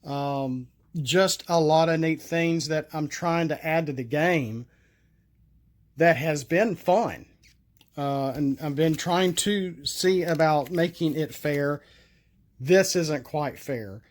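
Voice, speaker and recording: A man casually thinking aloud about homemade card game rules, halting and restarting often, with many fillers. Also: fairly high pitch. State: recovering from a coughing fit. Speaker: solo card game tester and vlogger. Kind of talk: casual rambling talk to camera.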